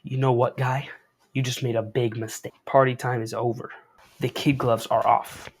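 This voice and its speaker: A man's voice: mid-range voice, little pitch movement, normal speed, breathy edge. A cocky male villain who copies another hero, read out by a man from a comic. He makes boastful threats with easy confidence. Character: Mimic, male villain impersonating Wolverine, cocky. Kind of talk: reading comic dialogue aloud.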